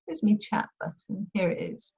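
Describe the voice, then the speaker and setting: A woman's voice: mid-range voice, sing-song, moderate pace, creaky, mellow, faint music behind. A woman coach leading a live online masterclass in a chatty, upbeat, informal manner. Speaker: money mindset coach. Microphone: video call. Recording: dull lo-fi video call audio.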